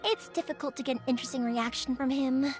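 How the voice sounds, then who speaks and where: A woman's voice: high-pitched, fairly even intonation, quick pace, over music, lightly acted. A woman voicing a chatty young female fireworks maker in a game, bubbly and easily sidetracked. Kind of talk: game voice acting.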